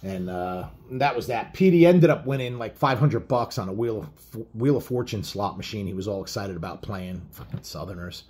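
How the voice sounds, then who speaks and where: A man's voice: on the low side, lively intonation, normal speed, hardly any pauses, a little mellow, husky. A middle-aged man telling a road story in a blunt, profane, rambling way, full of fillers. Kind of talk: casual spoken storytelling.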